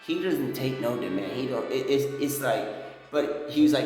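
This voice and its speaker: A man telling a rambling story to the camera, often dropping into a low, intense tone. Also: animated, moderate pace, darkish tone, very echoey, in a large hall, faint music behind. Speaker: vlogger.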